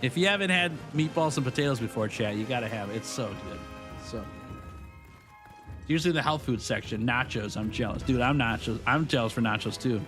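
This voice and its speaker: A man's voice: mid-range voice, fairly quick. A young man casually chatting with his live-stream viewers while playing, upbeat and chatty, laughing often and greeting people by name. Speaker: streamer host. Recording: game music behind voice.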